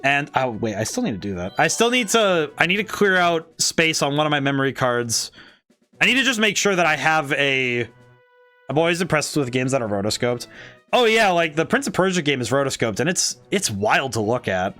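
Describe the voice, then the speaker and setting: Excitable man streaming, lively voice. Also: a little high, a little fast, faint music behind. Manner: rambling, excitable, frequent laughs and restarts. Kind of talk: casual gameplay commentary.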